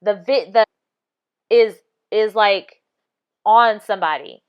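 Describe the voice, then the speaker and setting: Insistent woman with a smooth voice. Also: mid-range voice, dull audio. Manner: insistent, repeats points, halting restarts. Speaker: video analysis vlogger. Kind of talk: casual commentary over video clips.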